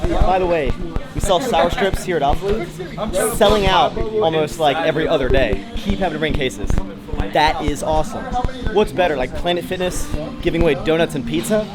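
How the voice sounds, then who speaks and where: A man's voice: a little high, a little fast, over loud music. A young man in his twenties, a fitness vlogger talking casually to a handheld camera, upbeat and rambling with plenty of fillers. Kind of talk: casual vlog chat. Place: gym, office and car.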